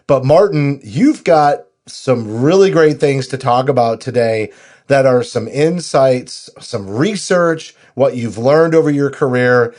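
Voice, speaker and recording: Male co-host, mid pitch, upbeat promo energy, conversational. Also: slow, a little mellow. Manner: upbeat, promotional, many "you know" fillers. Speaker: podcast co-host. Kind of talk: podcast interview.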